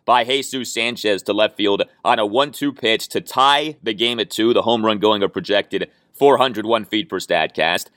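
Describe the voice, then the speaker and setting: A man's voice: mid-range voice, fairly bright tone, dry recording, studio quality. A man hosting a solo sports podcast, giving opinionated, stat-heavy commentary with emphatic punches. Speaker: podcast host.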